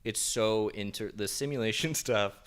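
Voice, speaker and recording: Very low-voiced laid-back man. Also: moderate pace. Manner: laid-back, rambling, reads quotes aloud. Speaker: podcast co-host. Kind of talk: casual podcast chat.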